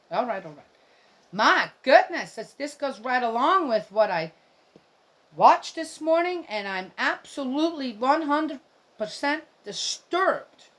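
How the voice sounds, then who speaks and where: A woman's voice: mid-range voice, a bit bright. A middle-aged woman giving casual, indignant commentary on a Bible reading, rambling and speaking straight to her viewers.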